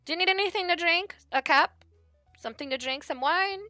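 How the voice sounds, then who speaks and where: A woman's voice: brisk, sharp tone, no room sound, soft background music. A woman doing a gushing, doting mother. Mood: fussing. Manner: high, gushing, fussing over guests. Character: doting excitable middle-aged mother, hostess. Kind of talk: tabletop role-play voice acting.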